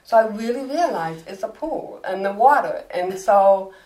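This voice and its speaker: An older woman, an author being interviewed, telling animated self-mocking anecdotes and acting out the dialogue. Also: medium pitch, normal speed, rough recording. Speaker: author guest. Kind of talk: interview storytelling.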